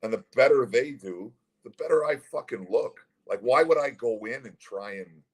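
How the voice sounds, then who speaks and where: A man's voice: medium pitch, normal speed, slightly rough, rough recording. A middle-aged man, a former pro hockey player, bluntly telling a story with constant swearing as a guest. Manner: blunt, heavy swearing, animated retelling. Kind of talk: casual storytelling.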